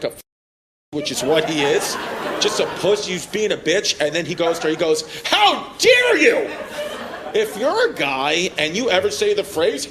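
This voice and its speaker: A male stand-up comedian doing crude, laughing crowd work on a comedy club stage with a handheld mic. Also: sits high. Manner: brash, crude, laughing teasing of audience members. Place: comedy club stage before a live audience. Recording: live club recording with crowd laughter and noise.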